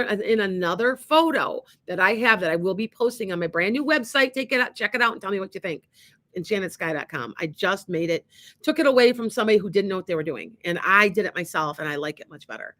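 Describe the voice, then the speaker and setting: Bright-voiced woman telling a story. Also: mid-range voice. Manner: animated, acts out quoted dialogue, many restarts. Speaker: psychic medium and show host. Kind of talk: casual storytelling on an internet radio show.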